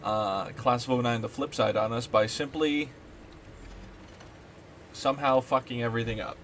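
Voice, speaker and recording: A man streaming a game chats casually and rants animatedly, swearing plenty. His mid-range voice has fairly even intonation, a fairly bright tone, and a normal speed, with a little hiss or hum in the background.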